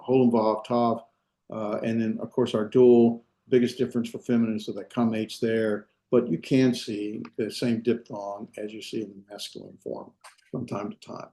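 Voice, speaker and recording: A man teaching a language class in a lecture, unhurried and full of fillers and restarts as he explains step by step. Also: on the low side, fairly even intonation, mellow. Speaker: Hebrew instructor. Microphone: video call.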